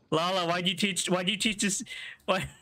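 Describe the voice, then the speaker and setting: A man's voice: high voice, sharp tone. A man streaming a video game live, chatting casually, joking, swearing and laughing a lot as he plays. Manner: jokey, laughs often, swears, teases chat. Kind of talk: casual live gameplay commentary.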